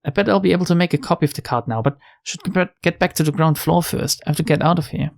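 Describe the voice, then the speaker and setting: A frightened young detective heroine from a mystery game, stammering and pleading for help in a low, gravelly voice, as a woman reads her lines aloud. Her voice jumps high when the panic hits. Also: fast talker, darkish tone. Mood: anxious. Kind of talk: reading a visual novel's lines aloud.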